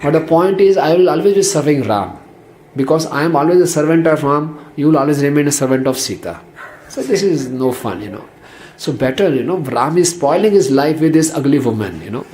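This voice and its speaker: A man's voice: a little high, brisk, slight background noise, natural voice. A man playing a teasing young prince. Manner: mock-flattering, bantering. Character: teasing young male prince, playful and mock-flattering. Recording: roomy echo.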